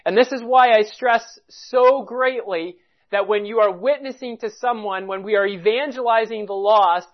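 Deliberate Bible teacher, muffled recording. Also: mid-range voice. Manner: deliberate, explanatory, stresses key words.

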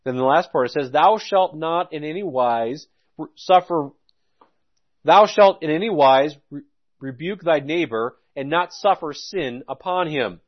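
A man delivering a sermon in a somewhat high voice. He reads scripture at a deliberate pace, then shifts into plain, conversational teaching, sometimes restarting his phrases. The recording sounds dull and lo-fi. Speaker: preacher.

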